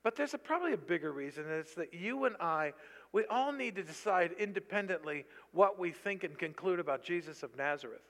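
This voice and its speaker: High, bright-voiced male preacher in a hall. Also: brisk. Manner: animated, rising to loud bursts when quoting. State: tired. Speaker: pastor. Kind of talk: sermon. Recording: long reverb of a large hall.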